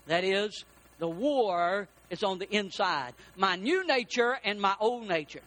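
A man preaching a sermon as pastor, telling a story with lively character voices. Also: high-pitched, measured pace.

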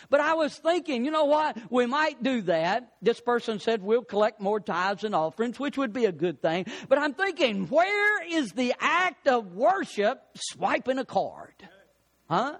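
A man preaching a sermon as pastor, animated, joking, his voice rising on emphasis. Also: sits high, moderate pace.

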